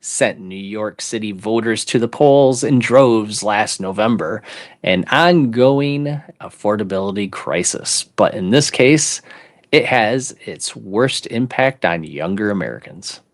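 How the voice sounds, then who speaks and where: A man in his fifties with a deep, low voice co-hosts a relaxed chat. He reads articles aloud in a mock announcer voice and breaks off now and then to joke with his co-host. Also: a little slow. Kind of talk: casual chat and read-aloud.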